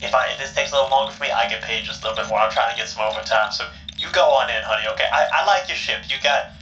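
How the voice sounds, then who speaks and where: A man voicing a tough, tattooed woman trucker who swears loudly but turns friendly, calling people honey. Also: high-pitched, lively intonation, rapid-fire, roomy sound, dull audio, faint music behind, pitched above the performer's own voice, full character voice. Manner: brassy, swearing, folksy drawl with "honey".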